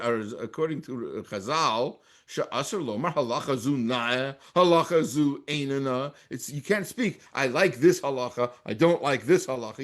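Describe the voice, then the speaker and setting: An American-accented man with a mid-range voice teaches a Torah class as a rabbi. He reads Hebrew texts aloud and translates them, often restarting his sentences.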